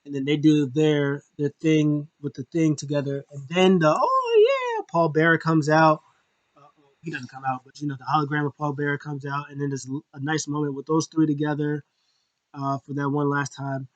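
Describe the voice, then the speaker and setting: Man, casual reviewer, rambling, animated, slightly high pitch, dry recording. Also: normal speed, dry recording, dull audio. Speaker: wrestling show reviewer. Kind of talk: casual recap and opinion.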